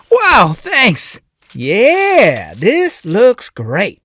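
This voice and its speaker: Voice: mid-range voice, huge pitch swings, drawn-out words, fairly bright tone, heavily acted. A performer voicing a small, curious young boy rabbit who chats playfully, says y'all and laughs often in a fan-made cartoon.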